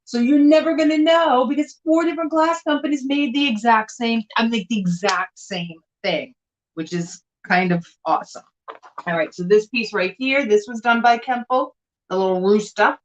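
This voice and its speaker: A woman's voice: a little high, moderate pace, dull audio, slight background noise. Chatty woman showing vintage glass. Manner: chatty, animated, showing items to camera. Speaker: vintage glass seller and co-host. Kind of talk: casual live-stream chat.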